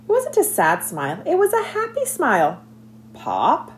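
A woman narrating a children's novel aloud in an expressive, scripted reading. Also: very high-pitched, a little fast, a little hiss or hum. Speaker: audiobook narrator.

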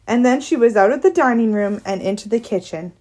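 A woman narrating a children's novel aloud in a clear, steady storytelling voice. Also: fairly high pitch, fairly quick. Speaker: audiobook narrator.

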